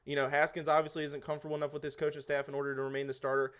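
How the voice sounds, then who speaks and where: A man's voice: a little high, monotone, rapid-fire, a bit bright, clear, resonant tone. A man guesting on a casual sports podcast, often restarting his sentences with repeated words.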